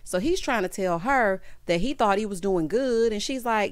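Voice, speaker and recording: A woman's voice: medium pitch, a little fast, hardly any pauses, clear, resonant tone, dry recording. Sassy woman recapping reality TV. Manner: sassy and animated, calls listeners honey and child. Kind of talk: casual commentary recap.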